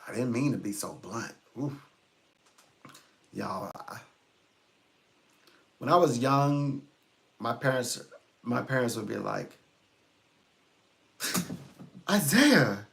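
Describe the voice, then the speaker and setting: A man hosting a casual psychic livestream, talking at an unhurried, drawn-out pace. His voice sits at an ordinary middle pitch, and he rambles and chuckles often as he chats. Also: gravelly. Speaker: psychic reader.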